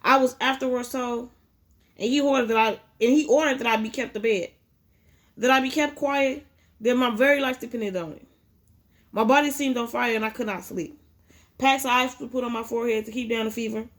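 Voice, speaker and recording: A woman with a fairly high voice reading a memoir aloud. Her delivery is unpolished, with frequent stumbles and restarts. It sounds like a casual home read-aloud rather than a professional narration. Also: steady tone, a little fast. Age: adult with a child. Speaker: audiobook reader.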